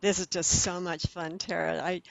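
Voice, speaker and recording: A woman hosting an interview, encouraging her guest with warm interjections. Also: on the low side, level tone, a little fast, gravelly, no room sound. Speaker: interview host. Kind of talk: casual interview. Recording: dry, dull lo-fi recording.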